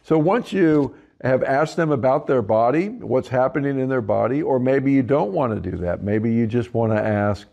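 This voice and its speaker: A man's voice: mid-range voice, moderate pace, vocal fry, few pauses, a little mellow, dull audio. A man giving an instructional talk to facilitators, sometimes acting out what clients say in a livelier voice. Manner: acts out client quotes in a livelier voice. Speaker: trainer for facilitators.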